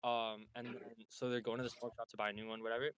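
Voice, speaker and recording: A man's voice: medium pitch, little pitch movement, quick pace, fairly bright tone, clean tone, no room sound. A young man telling a long story on a podcast, rambling and slangy with lots of filler words. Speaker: guest.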